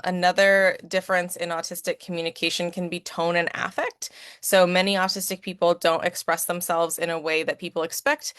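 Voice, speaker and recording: A woman's voice: lowish voice, fairly bright tone, clean tone, dry recording, studio quality. A woman who is an advocate and educator giving a conversational presentation, often checking in with "right?". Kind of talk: presentation talk with slides.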